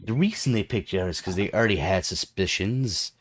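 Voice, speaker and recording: A man's voice: low-pitched, lively intonation, brisk, slight background noise. A man voicing a suspicious, shady woman who deals in secrets and speaks accusingly, in a tabletop game. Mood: threatening. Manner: accusing, defensive.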